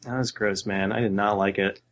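A man's voice: fairly low pitch, level tone, moderate pace. Laid-back man telling a story. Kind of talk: casual chat.

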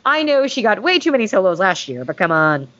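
A woman's voice: medium pitch, big pitch swings, brisk, fairly bright tone. A woman hosting a podcast, chatting casually and gushingly, with jokey asides. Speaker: podcast host reading listener mail. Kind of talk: casual fan chat. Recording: dull lo-fi sound.

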